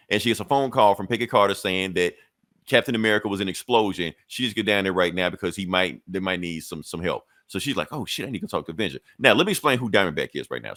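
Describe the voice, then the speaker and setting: Man, low-pitched, casual profane comic-recap host, dry close sound. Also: pushed and bright, dry recording. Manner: loose, profane storytelling with quick acted-out quotes. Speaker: comic book podcast host.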